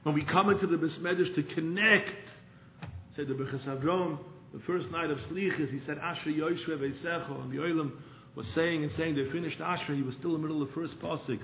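A man giving a sermon, swinging from impassioned pleas to hushed storytelling. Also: fairly high pitch, brisk, echoey room. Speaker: rabbi giving a talk. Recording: tinny phone-line sound with faint noise.

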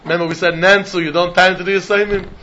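A man's voice: high voice, level tone, rapid-fire, sharp tone, highs cut off, slight background noise. A man teaching a Talmud lesson in a sing-song way, repeating key points.

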